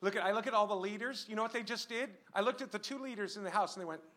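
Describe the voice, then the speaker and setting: A man delivering a sermon with a strikingly high voice. His tone is sharp and piercing, and he swings from quiet, muttered asides to shouted, stretched-out calls to the congregation, repeating phrases and throwing questions at the crowd. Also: very fast, a little hiss or hum. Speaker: guest preacher.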